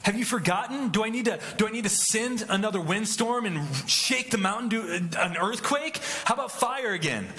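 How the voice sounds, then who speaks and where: A man's voice: high-pitched, lively intonation, normal speed, few pauses, bright, forceful tone, a little hiss or hum, voice pushed up, full character voice. A man voicing an imagined mighty male god who mockingly offers another show of power. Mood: sarcastic. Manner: mocking, rhetorical. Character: sarcastic mighty male deity. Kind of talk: sermon role-play.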